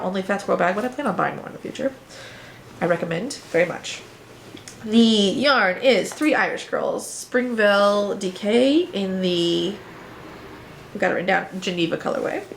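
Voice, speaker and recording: A woman with a slightly high, somewhat bright voice hosts a knitting and spinning podcast, with a little background noise. She chats casually and playfully while showing viewers her projects in a relaxed show-and-tell.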